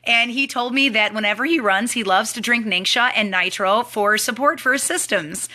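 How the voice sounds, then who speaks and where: A woman's voice: on the high side, normal speed. A young woman chatting animatedly as she hosts a live team training stream. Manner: chatty and animated, talks to viewers. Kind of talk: casual live-stream chat.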